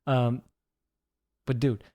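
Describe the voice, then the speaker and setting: A man's voice: mid-range voice, little pitch movement, darkish tone, dry recording, studio quality. Young man trading teasing quips. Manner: teasing, quick one-liner quips. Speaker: podcast co-host. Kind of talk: casual chat.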